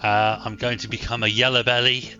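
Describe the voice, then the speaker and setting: A man's voice: medium pitch, level tone, brisk, muffled recording, music in the background. A man with an Irish accent, co-hosting a podcast in a casual, chatty, self-deprecating way. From Ireland. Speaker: podcast co-host. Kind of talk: casual chat.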